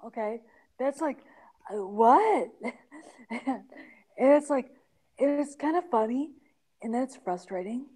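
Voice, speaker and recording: A woman in her forties in casual podcast chat, emphatic with halting restarts. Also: sits high, lively intonation, warm tone, rough recording. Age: 40s.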